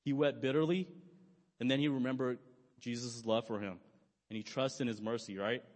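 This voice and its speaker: A man's voice: medium pitch, fairly even intonation, normal speed. A young man preaching a sermon, talking conversationally and asking his listeners questions. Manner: conversational, asks the audience questions. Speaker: pastor. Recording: long hall reverb.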